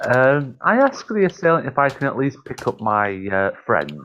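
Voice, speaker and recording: A man's voice: medium pitch, very animated, moderate pace, fairly bright tone, dull audio, a little hiss or hum. A man playing a tabletop game, describing his moves hesitantly with many fillers. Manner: hesitant, says "uh" often. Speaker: player. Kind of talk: tabletop game role-play.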